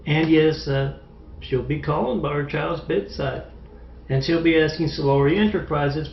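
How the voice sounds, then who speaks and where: A man rants in a rambling, repetitive home video monologue, pausing often to hesitate. His slightly high voice has a gravelly edge. The lo-fi recording is dull and roomy, with faint noise behind him.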